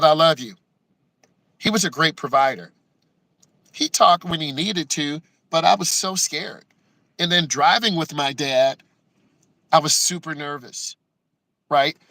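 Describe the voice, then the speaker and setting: A man with a sharp, somewhat high voice, a driving instructor, shares personal stories on camera with deep emotion, near tears. He acts out what people said and keeps adding "right?" to his lines. The audio is poor but has no room sound.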